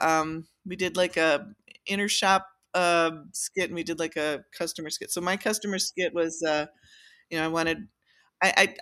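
A woman's voice: fairly low pitch, fairly bright tone. A woman who makes violins, telling a workshop story in casual chat, with lots of fillers and restarts. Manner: chatty, many fillers and restarts, laughs often. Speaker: violin maker, podcast guest.

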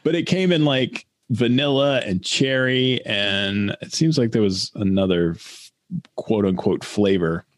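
A man co-hosting a casual chat, rambling and halting, laughing often and mimicking voices in his stories. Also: fairly low pitch, no echo. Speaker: podcast co-host.

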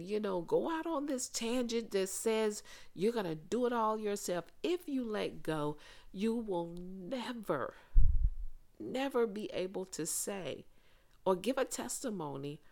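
A woman hosting a faith-based podcast, speaking to listeners in an earnest, conversational way with pauses and restarts. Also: mid-range voice, darkish tone. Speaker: podcast host.

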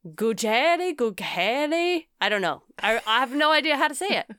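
A woman co-hosting a podcast in casual chat, animated and chatty, often ending her sentences with "okay?". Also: sits high, fast talker, clean tone, no room sound, clean studio sound. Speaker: podcast co-host.

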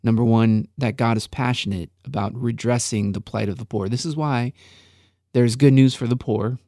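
Man, mid-pitch, gravelly, earnest faith-podcast co-host. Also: steady tone, normal speed, dark tone, no room sound, studio quality. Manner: earnest, preacher-like emphasis. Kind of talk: reflective faith podcast talk.

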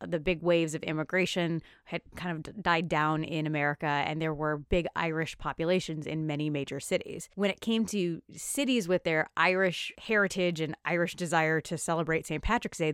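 A woman's voice: on the low side, fairly bright tone, clean tone, no echo, studio quality. A woman hosting a history podcast, upbeat and chatty as she tells researched stories and laughs easily. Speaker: podcast host. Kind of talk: casual podcast chat, reading researched history.

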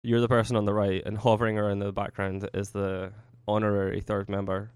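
A man co-hosting a casual podcast in a fairly low, smooth, clear voice. He steers the conversation with frequent uh and um fillers. The sound is dry and close, from a computer mic. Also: a little fast, no echo. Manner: steady, organizing, with many uh and um fillers. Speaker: podcast co-host. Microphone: computer mic on a Skype call.

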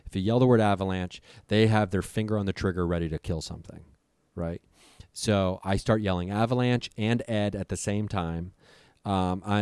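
A man's voice: sits low, darkish tone, smooth, no room sound, clean studio sound. A young man telling a frightening story in casual conversation, vivid and profane, acting out what people said. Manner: vivid, profane, acts out voices. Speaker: storyteller guest.

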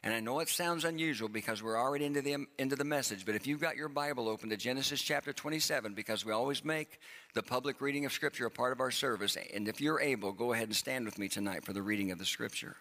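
Man preaching with bright tone. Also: medium pitch. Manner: dramatic reading, slowing for emphasis. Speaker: pastor. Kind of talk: sermon with scripture reading. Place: church sanctuary. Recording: long hall reverb.

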